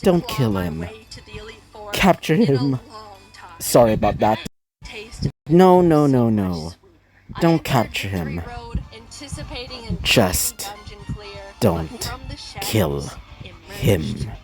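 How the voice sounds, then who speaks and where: A man's voice: lowish voice, very animated, extremely slow, pauses often, darkish tone, faint music behind, pitched below the performer's own voice, exaggerated voice. A man voicing a sly young woman villain in a fan story, speaking in a teasing, offhand way.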